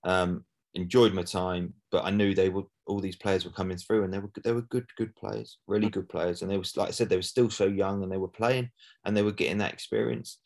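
A man's voice: sits low, steady tone, a little fast, a little mellow. A middle-aged man, a former footballer, chatting casually as a guest and often asking "do you know what I mean". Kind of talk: casual interview chat.

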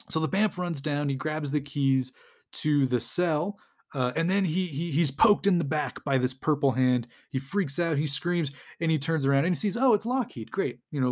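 A man who hosts a podcast, casually recapping a comic book in a rambling way, chuckling and acting out the dialogue. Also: medium pitch.

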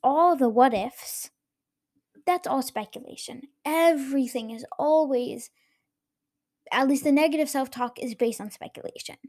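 A woman's voice: sits high, a little slow, darkish tone. A young woman hosting her own podcast, talking casually and earnestly, encouraging her listeners directly. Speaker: podcast host. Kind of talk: casual solo podcast talk.

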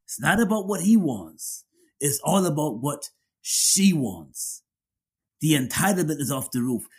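A man's voice: on the high side, very animated, unhurried, slightly rough. A man talking in casual commentary, emphatic and repeating his phrases for effect.

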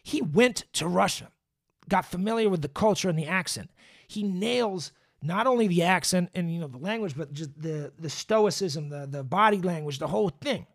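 Guy ranting about movies, kinda high voice, cussing a lot, lots of uh and you know. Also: animated, normal speed. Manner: profane, scathing, drawling with many fillers. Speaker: movie commentator. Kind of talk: casual rant.

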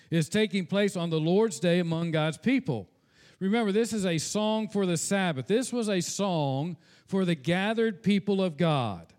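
A man's voice: high-pitched, a little mellow. A pastor preaching a sermon in an earnest tone, slipping into casual asides and repeating words when he speaks off the cuff.

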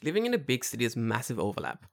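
A man's voice: medium pitch, huge pitch swings, rapid-fire, vocal fry. A man co-hosting a casual podcast, talking emphatically and swearing freely as he makes his point. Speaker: podcast co-host.

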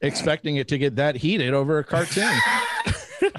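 A man's voice: a little high, wildly swooping pitch, moderate pace, heavy background noise. A man co-hosting a podcast in casual chat, easygoing and amused. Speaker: podcast co-host.

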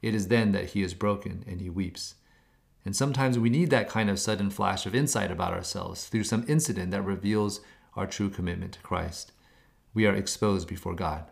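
A man's voice: low-pitched, moderate pace, vocal fry. A man giving a scripted devotional reflection, earnest and searching, pressing listeners with questions. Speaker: devotional speaker.

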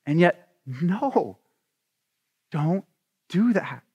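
Man, pastor, sermon, animated storytelling, high voice, long hall reverb. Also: extremely slow, slightly rough, dull audio. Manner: animated, acts out scenes in voices.

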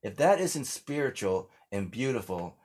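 A man's voice: mid-range voice, big pitch swings, measured pace, darkish tone, slight background noise. An older American man, a singer-songwriter, chatting casually in an interview and telling rambling stories with lots of restarts. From United States. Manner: rambling storyteller, many restarts and fillers.

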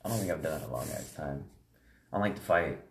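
A man with a very low voice rattles off laid-back, slangy stories full of swearing. He talks quickly, and the room around him is noticeably echoey. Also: gravelly, background noise. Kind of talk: casual chat.

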